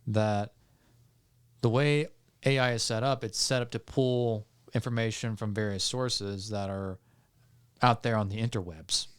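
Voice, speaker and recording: A man, a podcast guest, calmly explaining legal points step by step with frequent fillers and restarts. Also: lowish voice, a little slow, clean tone. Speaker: podcast guest on music law. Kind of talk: explanatory casual talk.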